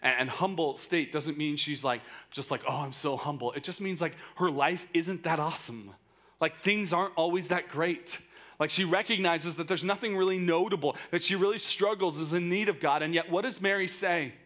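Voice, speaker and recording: Speaking at an ordinary speed with a voice on the high side, this thirtysomething youth pastor preaches in a sincere, chatty style. He says "like" a lot and alternates hushed, personal lines with forceful outbursts.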